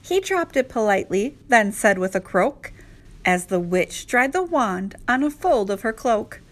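A woman teacher reading a rhyming picture book aloud to children, slow and expressive. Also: fairly high pitch. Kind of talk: children's read-aloud narration.

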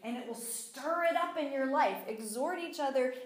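A woman gives a lively, conversational Bible teaching with a fairly high voice. She slips into acted-out voices as she makes her points. The sound is roomy and echoey. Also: normal speed. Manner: animated, acts out quoted voices. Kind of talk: conversational sermon. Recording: echoey room.

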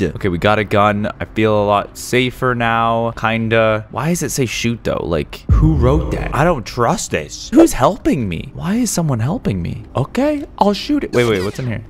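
A man playing a horror game, giving jumpy, excitable let's play commentary straight to his viewers. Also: mid-range voice, unhurried. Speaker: gaming YouTuber. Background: faint game music.

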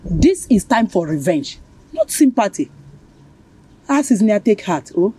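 A woman's voice: medium pitch, big pitch swings, unhurried, husky. A scornful, gossiping mother-in-law. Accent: Nigerian. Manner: scornful, loud exclamations. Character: scheming, gossipy mother-in-law woman bent on revenge.

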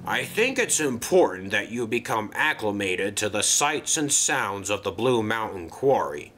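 Guy doing a slow wise old engine, comforting, bright tone. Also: fairly low pitch, very animated, a little hiss or hum. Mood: reassuring. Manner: slow, reassuring. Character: old wise male engine, calm mentor.

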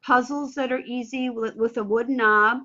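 A woman speech pathologist answers interview questions with a lively, playful manner. Her voice sits high and sounds bright and forceful. The video call audio is a bit dull and muffled. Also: moderate pace.

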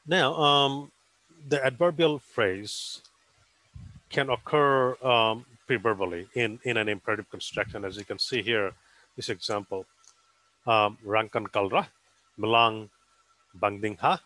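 A man's voice: mid-range voice, unhurried, sharp tone, dry recording, low-quality recording. A man giving an academic conference presentation, explaining carefully with frequent um and uh fillers.

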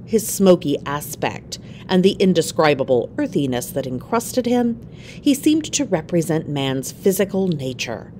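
A woman narrates a classic story aloud in a measured, expressive reading. Her voice sits low but moves a lot in pitch. The pace stays steady. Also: slight background noise. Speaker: reader.

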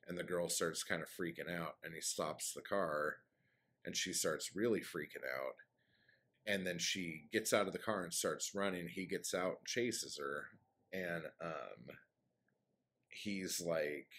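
A man casually recapping his own dark story, rambling with many fillers and blunt swearing. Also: rumbling low. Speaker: author summarizing his story.

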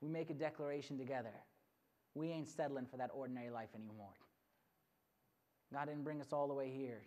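A retreat speaker preaches through a story, lively and animated, acting out each character. The talk stays energetic and direct with the gathered crowd. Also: medium pitch, brisk. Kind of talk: storytelling sermon.

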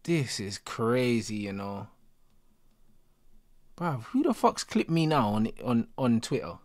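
Excitable young streamer. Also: male voice, medium pitch, slow. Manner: excitable, slangy, repeating exclamations. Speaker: football reaction streamer. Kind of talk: live watch-along reaction.

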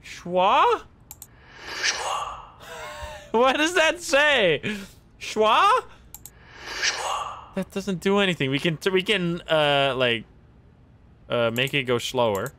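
Streamer: young man, excitable running commentary, lively bright voice, lots of laughs. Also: fairly high pitch, slow, long pauses. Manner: excitable, thinks aloud, laughs and exclaims often. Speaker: streamer playing a game. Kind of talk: casual live gameplay commentary.

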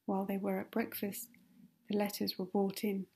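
A woman reading a classic novel aloud as calm, soothing ASMR narration. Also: mid-range voice, moderate pace, breathy edge. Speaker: audiobook reader.

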